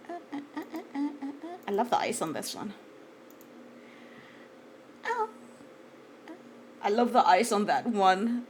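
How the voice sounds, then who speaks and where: A woman streaming live, chatting casually and gushing excitedly, swearing freely and trailing off into fillers. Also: mid-range voice, a little hiss or hum.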